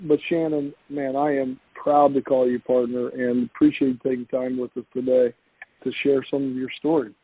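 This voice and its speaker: A man's voice: mid-range voice, flat delivery, moderate pace, slightly rough. A man hosting a podcast interview, enthusiastic and welcoming toward his guest. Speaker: podcast host. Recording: dry tinny phone-like line.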